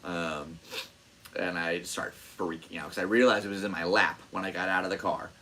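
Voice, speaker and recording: A low-pitched man at a moderate pace hosts a podcast, the audio poor and carrying slight background noise. He tells a story casually and animatedly, swearing freely and acting out the voices of the characters.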